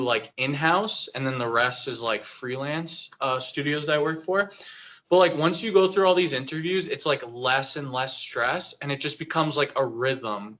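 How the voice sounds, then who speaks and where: A man's voice: medium pitch, pushed and bright. A young man from New Jersey, an animator guest on a podcast, talking in a loose, rambling way with lots of "like.". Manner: rambling, heavy use of "like". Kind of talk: casual interview chat.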